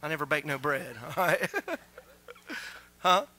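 A man preaching a sermon as pastor, asking the congregation questions and building to loud exclamations. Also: a little high, unhurried. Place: church sanctuary.

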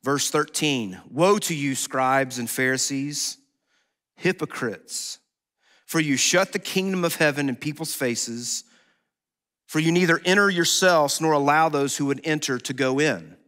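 A man pastor preaching a sermon in a conversational, animated way, acting out quotes as he goes. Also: on the high side, a little slow. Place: church sanctuary. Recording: long hall reverb.

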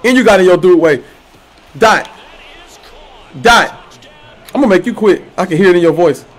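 A man streaming a football video game, trash-talking his opponent loudly with slang, swearing and laughter. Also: high-pitched, expressive, moderate pace. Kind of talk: trash-talking gameplay commentary.

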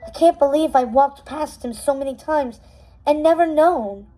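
A woman's voice: high-pitched, moderate pace, warm tone, lightly acted. A woman voicing a determined young heroine who speaks urgently and breathlessly, read aloud from a storybook. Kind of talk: storybook readaloud.

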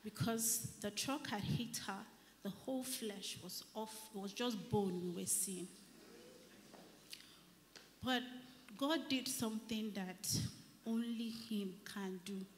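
A woman with a Nigerian accent giving an earnest church testimony, often dropping to a near whisper before rising loud again. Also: medium pitch, takes it slowly, long pauses. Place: church service. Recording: reverberant church hall, faint noise.

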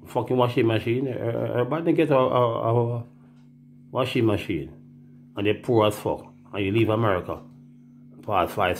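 A man's voice: lowish voice, slight background noise. A man with a Jamaican accent, telling rambling, profane stories in casual talk and acting out the voices he quotes.

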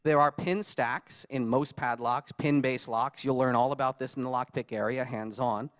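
A man giving a conference talk, telling lively stories and acting out his own frustrated quotes. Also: medium pitch, moderate pace. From United States. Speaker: conference speaker. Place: conference hall.

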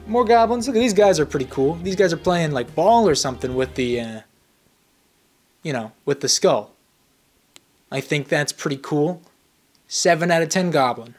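Young male host, lively pitch, loose playful image commentary, light music behind. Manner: rambling, animated, playful with repeated words. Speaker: channel host.

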